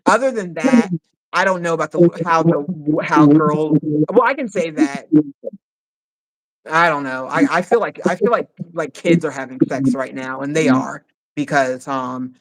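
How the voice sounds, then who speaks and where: A man in a casual live discussion, speaking as a guest psych nurse. He talks excitedly and haltingly, often repeating words while he gathers his thoughts. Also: on the high side, low-quality recording.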